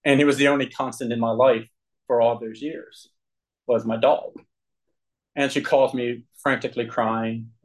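A man sharing his personal recovery story with a group, earnest and candid, with frequent throat clearing. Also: mid-range voice, steady tone, normal speed, rough recording.

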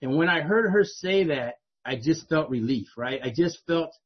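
A man's voice: fairly high pitch, animated, normal speed, husky, lo-fi sound. A middle-aged man telling his own life story to an audience in a conversational way, often asking "right?". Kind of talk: personal storytelling speech to an audience.

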